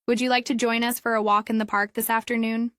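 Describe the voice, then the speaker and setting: A woman's voice: on the high side, little pitch movement, fast, dry recording, clean studio sound, lightly acted. A woman voicing a casual, friendly young man inviting a friend for a walk.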